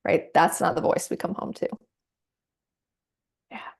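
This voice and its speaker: A woman practitioner guiding a client through a somatic coaching session, gentle and encouraging. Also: a little slow. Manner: gentle, encouraging, acts out inner voices.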